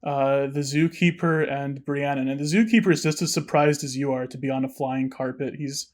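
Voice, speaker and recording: A man's voice: medium pitch, fairly even intonation, normal speed. A young man serving as game master, narrating a tabletop game in a hesitant, filler-heavy way.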